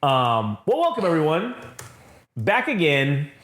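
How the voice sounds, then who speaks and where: A man's voice: on the high side, very animated, unhurried, a bit bright, a little hiss or hum. A man co-hosting a comic-book podcast, rambling loosely, swearing a lot and mocking himself. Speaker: podcast co-host. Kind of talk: casual comic-book chat. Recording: roomy echoey room.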